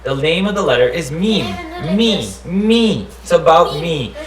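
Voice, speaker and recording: With a sing-song voice on the high side, a man playfully walks through the Arabic alphabet at a measured pace, echoing each letter sound and offering goofy mnemonics in call-and-response drills. Soft music plays, and the room echoes.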